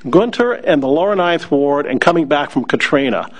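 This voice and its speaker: A man's voice: fairly high pitch, a little fast. Man from New Orleans telling stories. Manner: wry, anecdotal, with frequent hesitations. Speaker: law school faculty member. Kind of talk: personal storytelling talk to an audience.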